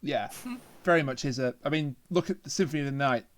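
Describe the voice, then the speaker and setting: A man's voice: mid-range voice, a little fast. A man co-hosting a review podcast in casual chat, teasing and bantering. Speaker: podcast co-host.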